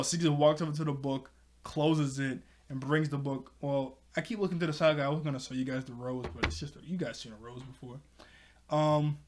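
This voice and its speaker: A man's voice: a little high, slight background noise. A man casually recapping a cartoon episode, rambling with many fillers and frequent laughs.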